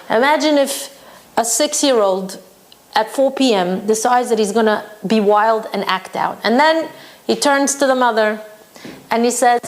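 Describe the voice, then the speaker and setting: Woman religious teacher, somewhat high voice, emphatic, tells stories to make her point. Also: normal speed. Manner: emphatic, storytelling. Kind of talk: Torah lesson for women.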